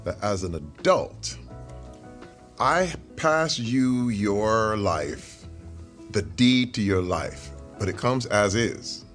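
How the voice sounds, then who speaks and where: A man's voice: on the low side, expressive, takes it slowly, fairly bright tone, faint music behind. Earnest middle-aged man telling stories. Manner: earnest, reflective storyteller, chuckling at times. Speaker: interview guest. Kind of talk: casual conversation over a meal.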